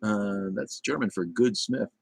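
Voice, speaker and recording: A middle-aged man with a lowish voice chats through a livestream, drifting from one thing to the next with plenty of ums and false starts. His tone is blunt and irreverent, and the sound is dry, close, with almost no room. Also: a little slow, creaky, husky, no room sound. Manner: rambling, chatty, with many fillers and restarts. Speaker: livestream host. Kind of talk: casual livestream chat reading viewer comments.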